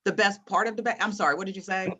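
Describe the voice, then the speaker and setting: A woman in her thirties, a guest teacher, explaining things to students in an encouraging, animated way over a video call. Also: mid-range voice, very fast, breathy edge. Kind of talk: online class teaching.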